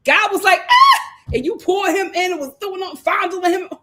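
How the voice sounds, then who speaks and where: A woman hosting a live reality show recap, talking dramatically, laughing and mimicking the cast in hushed voices. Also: very high voice, fast talker. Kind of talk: animated live recap commentary.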